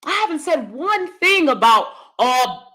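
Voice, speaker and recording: A woman from the United States hosting a livestream, talking in an emphatic, fiery, animated way and reading out super chats. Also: sits high, measured pace. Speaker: host.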